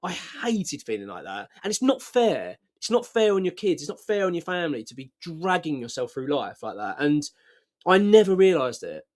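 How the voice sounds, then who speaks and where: A man's voice: a little high, big pitch swings, normal speed, darkish tone. A middle-aged man, talking frankly and earnestly to camera, often stumbling and repeating himself. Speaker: vlogger. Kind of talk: casual talk to camera.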